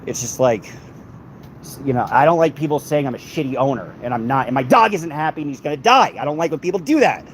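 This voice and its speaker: A man's voice: mid-range voice, expressive, fast talker, low-quality recording. A man livestreaming from his phone while walking outdoors on a city street, talking casually to his chat, swearing and getting worked up. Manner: frustrated, swearing, heated then reading chat. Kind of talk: casual live stream chat. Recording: phone mic with loud street traffic. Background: street and traffic noise.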